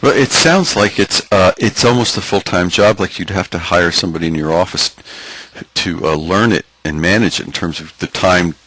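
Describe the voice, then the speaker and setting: Husky low-voiced man moderating. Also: moderate pace, a bit bright, dry recording, rough recording. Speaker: moderator asking questions. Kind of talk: webinar Q&A.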